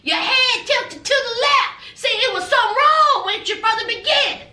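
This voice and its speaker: A woman's voice: very high voice, lively intonation, moderate pace, roomy sound, distant mic, pitched above the performer's own voice, exaggerated voice. A woman playing a blunt, fed-up scolding mother. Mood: exasperated. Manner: sharp, scolding, no-nonsense.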